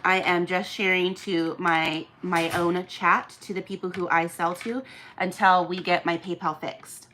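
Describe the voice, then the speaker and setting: A woman's voice: lowish voice, fairly even intonation, unhurried, bright, forceful tone, slight background noise. A woman hosting a live online auction, chatting casually with viewers and laughing often. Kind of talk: casual live-stream chat.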